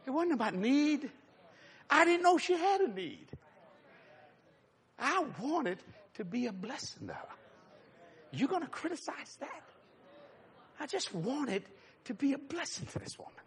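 A man preaching a storytelling sermon, animated and laughing, sometimes dropping to a hush. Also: extremely high pitch, unhurried, pauses often. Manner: animated, laughing storyteller with sudden hushed drops.

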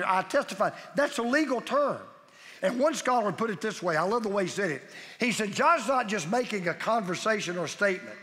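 A middle-aged man preaching, his voice bright and pitched high as he hammers each point with emphatic repetition. The sound carries a long reverb like a big hall. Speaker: pastor. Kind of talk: sermon.

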